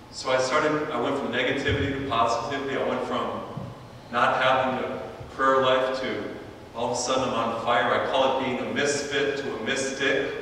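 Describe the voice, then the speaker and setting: A man's voice: mid-range voice, sharp tone, slight background noise. A male priest delivering a sermon in a church, telling stories and stretching out emphatic phrases. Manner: storytelling preacher, drawn-out emphatic phrases. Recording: echoey church from a distant mic.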